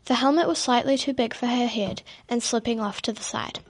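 A woman reading a children's story aloud in a steady narrating manner. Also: a little high, fairly quick.

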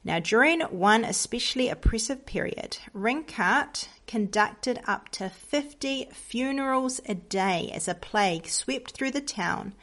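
A woman teaching a devotional lesson, telling hymn history and reading moral stories in a gentle, earnest way. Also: medium pitch. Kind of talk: storytelling lesson for children.

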